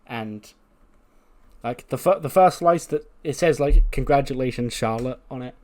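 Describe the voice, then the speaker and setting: A man's voice: on the high side, lively intonation, measured pace, darkish tone. Casual rambling male game narrator. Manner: loose, rambling, many "like"s and restarts. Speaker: let's-play creator.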